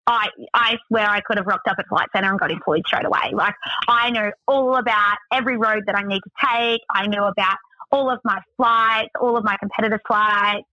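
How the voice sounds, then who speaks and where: A woman's voice: mid-range voice, steady tone, brisk, bright, forceful tone, no room sound, dull audio. An Australian woman telling a story as a guest in casual chat, full of "like" fillers. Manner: chatty, many "like" fillers.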